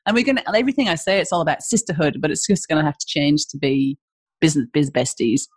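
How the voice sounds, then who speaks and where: A woman's voice: low-pitched, quick pace, breathy edge, no room sound. A woman with an Australian accent, a business founder talking as a podcast guest in a rambling, chatty way full of "you know, like". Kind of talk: casual podcast interview.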